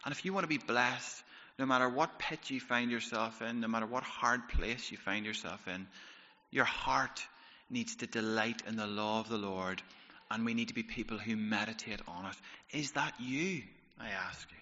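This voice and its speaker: A man preaching a sermon, telling stories in a lively way and rising to loud bursts. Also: medium pitch, normal speed. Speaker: pastor. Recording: reverberant hall, slightly dull sound.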